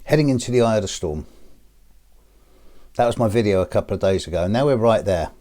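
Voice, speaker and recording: A man's voice: on the low side, animated, quick pace, mellow. A man hosting his own channel, talking casually to camera with a chatty, wry manner. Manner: chatty, wry joke-telling. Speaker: astrologer, channel host.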